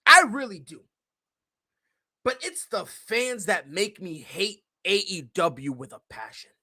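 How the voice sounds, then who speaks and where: A man's voice: high-pitched, sing-song, slow, bright, forceful tone. A man hosting a podcast, ranting in a casual, heated and profane way with lots of swearing. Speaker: podcast host.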